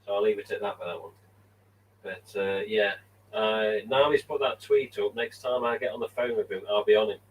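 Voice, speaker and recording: Guy rambling on a home live stream, swears a bit, lowish voice. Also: steady tone, normal speed, distant mic, a little hiss or hum, poor audio. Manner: rambling, chatty, swears casually. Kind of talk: casual live stream chat. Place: room at home with mask collection.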